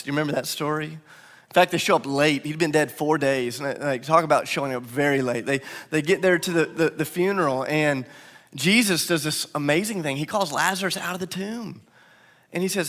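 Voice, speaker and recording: A bright, forceful male pastor with a lilt preaches in a big church hall, the reverb trailing after his words. He tells stories with energy, slipping into acted quotes, his voice sitting a little high for a man. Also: fairly quick. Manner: animated storytelling with acted quotes. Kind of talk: sermon.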